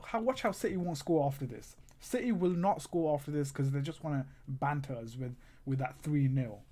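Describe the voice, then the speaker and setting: A man's voice: a little high, darkish tone. A man hosting a live football watchalong stream, groaning and ranting at the game and talking straight to his chat viewers. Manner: exasperated, groaning and ranting at the match; talks to chat viewers directly. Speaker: livestream host.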